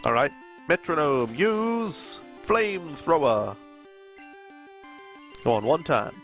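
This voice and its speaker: A man from New Zealand with a New Zealand accent, chatting excitably and jokingly as he livestreams a game. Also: on the high side, slow, soft background music. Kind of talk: live gameplay commentary.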